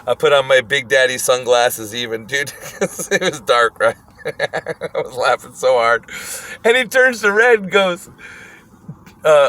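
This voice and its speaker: A man casually telling a wild story, animated and profane, often breaking into laughter. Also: on the high side, moderate pace.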